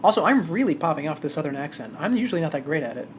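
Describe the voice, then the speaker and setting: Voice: mid-range voice, very animated, rapid-fire, slight background noise. A streamer chatting casually during a live game playthrough, rambling and correcting themselves mid-thought. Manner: rambling, self-correcting asides.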